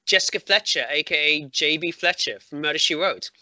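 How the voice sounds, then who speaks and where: A man's voice: a little high, brisk, bright, forceful tone, no echo. A man hosting a podcast over a video call, casually chatting and spinning a mock-serious theory with playful delivery. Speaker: podcast host. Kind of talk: casual chat.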